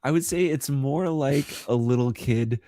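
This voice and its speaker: A man co-hosts a casual political chat in a dry, close sound. He laughs a lot, gets excitable and swears freely, with a voice of middling pitch. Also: unhurried, no echo. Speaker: co-host.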